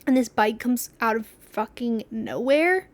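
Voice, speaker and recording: A woman's voice: a little high, a little slow. A young woman hosting a podcast, telling stories in a rambling, casual way, laughing often and acting out what people said. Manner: chatty, rambling, laughs often, acts out quotes. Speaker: podcast host. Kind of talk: casual storytelling chat.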